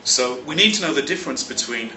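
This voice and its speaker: A man from London, a teacher explaining vocabulary in a clear, measured lesson, stressing key words. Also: medium pitch, lively intonation, sharp tone, far from the mic, a little hiss or hum. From London, England. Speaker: English teacher and teacher trainer. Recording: roomy echo, slightly off-mic.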